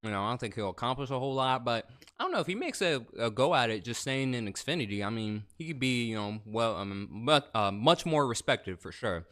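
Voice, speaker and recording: A man with a medium-pitched, fairly bright voice talks fairly quickly and very animatedly. He's a guest YouTuber on a livestream, chatty and playful, packing his casual chat with slang like "bro" and "y'all."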